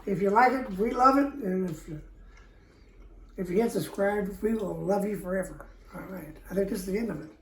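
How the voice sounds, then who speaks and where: Caught on a distant camera mic in a roomy space with faint background noise, a middle-aged backyard barbecue cook hosts a casual cooking demo. She talks at normal speed in a mid-range voice, folksy and chatty, often repeating herself.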